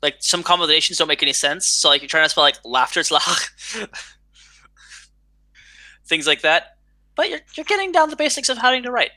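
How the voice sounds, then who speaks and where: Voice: mid-range voice, animated, a little fast, pauses often, bright, forceful tone, no echo. A game master narrating a tabletop game in a loose, filler-heavy way.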